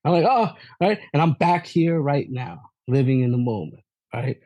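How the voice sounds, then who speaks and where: A man giving an energetic testimony at a recovery meeting, asking rhetorical questions and laughing often. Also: medium pitch, normal speed, no echo.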